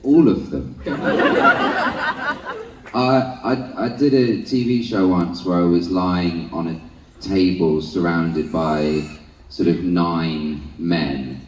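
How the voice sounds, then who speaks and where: A man's voice: low voice, steady tone, lo-fi sound. A young man as a panel guest, speaking wryly and laughing. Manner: slow, wry, laughing. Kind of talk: casual panel storytelling. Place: large convention hall. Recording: echoey convention hall from far off, crowd and noise. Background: crowd noise.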